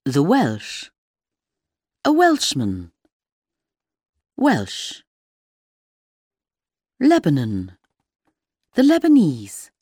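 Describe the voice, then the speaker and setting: A woman teaching a language, reading words one by one in a slow, deliberate vocabulary drill. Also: low-pitched, husky, no room sound, studio quality. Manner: deliberate, reads each word separately.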